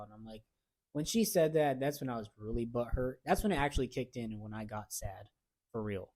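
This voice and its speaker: A man's voice: medium pitch, quick pace, a little mellow. A young man co-hosting a podcast, telling a personal story in slangy casual chat with acted-out quotes. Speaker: podcast co-host.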